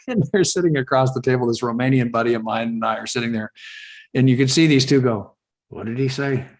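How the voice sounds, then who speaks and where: A man's voice: mid-range voice, a little fast. A man from California hosting a live webinar over a video call, rambling casually with many fillers and restarts. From California, USA. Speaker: webinar host.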